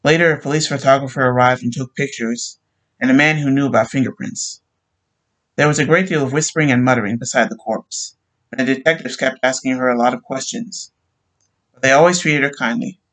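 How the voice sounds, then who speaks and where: A man narrating a short story aloud at a steady, plain pace. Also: medium pitch, brisk, rough recording.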